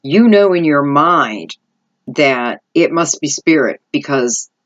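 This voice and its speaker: A woman's voice: deep voice, expressive, takes it slowly, lo-fi sound. A middle-aged woman giving an intuitive tarot reading, rambling and thinking aloud as she goes. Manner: rambling, thinking aloud, lots of "I feel like" asides. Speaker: tarot reader.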